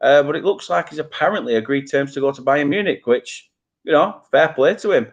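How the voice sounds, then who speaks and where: A man's voice: fairly high pitch, animated, fairly quick, muffled recording. A young man with a Burnley accent hosting a live football watchalong, chatting casually and poking fun at his own slip-ups. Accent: Burnley, Lancashire. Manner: casual, self-mocking, stumbles over names. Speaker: fan channel host. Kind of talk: live watchalong chat, reading chat comments.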